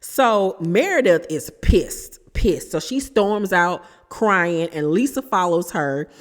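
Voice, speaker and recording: A woman's voice: fairly low pitch, lively intonation, takes it slowly, long reverb tail. A woman hosting a reality TV recap, telling the drama in a sassy, gossipy way and calling her listeners honey and child. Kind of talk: casual recap commentary.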